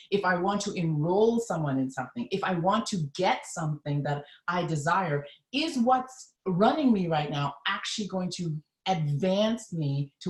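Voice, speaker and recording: Woman, lowish voice, live-stream coach, emphatic and earnest, roomy echo. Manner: emphatic, earnest, addresses viewers directly. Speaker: mindset coach.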